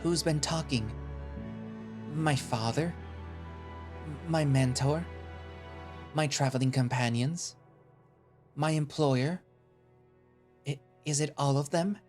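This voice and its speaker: A man's voice: on the high side, slow pace, long pauses, darkish tone, faint music behind. A man playing an anxious young man who stammers and pleads in a raised voice. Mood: distressed.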